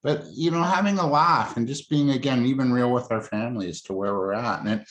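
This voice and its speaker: Male interview host, relaxed, mid pitch, echoey room. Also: a little fast, lo-fi sound. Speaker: podcast host. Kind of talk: casual interview chat. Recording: roomy echo.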